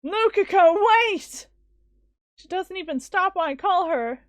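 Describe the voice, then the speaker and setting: A woman streaming a visual novel, reading it aloud with expressive, casual commentary. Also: very high-pitched, normal speed, dry recording. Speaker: let's-play streamer.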